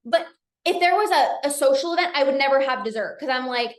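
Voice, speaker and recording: Chatty high-voiced woman coaching live. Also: fast, echoey room. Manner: energetic, chatty, many restarts and "like". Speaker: binge eating coach hosting a live session. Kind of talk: casual live-stream talk.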